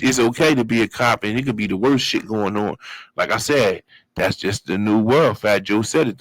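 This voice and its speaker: A guest from Brooklyn with a mid-range voice tells his life story in a lively, casual way, packed with profane street talk and sound effects he makes vocally. The audio is poor and has no room sound.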